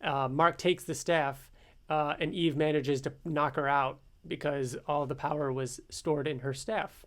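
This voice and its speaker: A man with a fairly high voice talks through a comic issue page by page. He fills his pauses with ums and uhs and keeps it loose and chatty. He sounds like a regular co-host on a fan podcast. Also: fairly even intonation. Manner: summarizes plot with many ums and uhs. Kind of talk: casual comic recap chat.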